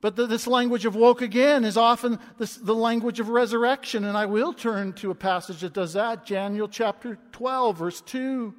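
A man in his twenties preaching a sermon as a pastor, impassioned and swinging from loud to hushed. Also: very high-pitched, fairly even intonation, moderate pace, few pauses. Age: 20s. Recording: long reverb of a large hall.

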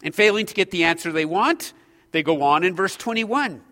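A male preacher with a high, bright voice delivers an expository sermon. He is earnest and emphatic, building intensity as he drives his points home. His voice carries a long reverb from the hall around him. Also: lively intonation, moderate pace.

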